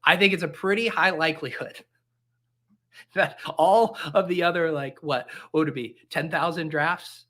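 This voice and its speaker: A man's voice: a little high, normal speed, sharp tone. A man hosting a casual livestream, joking and reading chat aloud in a mock-earnest way. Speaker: fantasy football streamer. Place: home basement.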